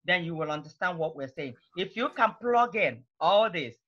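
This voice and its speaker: A woman teaching a beginner language class, patiently repeating phrases slowly and clearly for her students. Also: on the low side, lively intonation, a bit bright, dull audio. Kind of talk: online language lesson.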